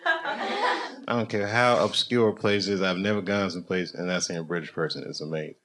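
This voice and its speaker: A male stand-up comedian talking with a lively, bouncing pitch, loose and laughing, swearing freely as he chats with the crowd. The recording comes from a live club, with steady noise behind his voice. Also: normal speed.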